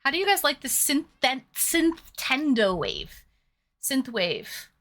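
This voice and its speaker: A woman's voice: high-pitched, huge pitch swings, slow, fairly bright tone. A woman with a mild Toronto Canadian accent, chatting casually with viewers as a livestream host. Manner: chatty, addresses viewers directly. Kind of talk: casual chat.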